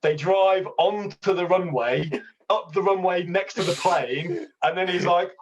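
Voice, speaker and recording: A man's voice: high voice, a little slow, slight background noise. A man hosting a podcast, swearing freely as he tells travel stories in casual chat. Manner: swears freely, laughs, story-driven. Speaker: podcast host. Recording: dull lo-fi sound.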